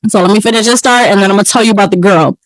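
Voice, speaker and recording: A woman's voice: mid-range voice, racing, no echo, poor audio. A young woman co-hosting a casual chat show, telling stories with swearing and acting out the voices of others. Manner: animated storyteller, acts out voices, swears freely. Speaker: podcast co-host.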